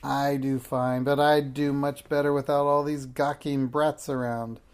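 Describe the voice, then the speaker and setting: A man's voice: mid-range voice, flat delivery, unhurried, darkish tone, lightly acted. A man reading a storybook aloud and voicing a cruel, sneering old witch who shrieks and scolds. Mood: shrieking, sneering.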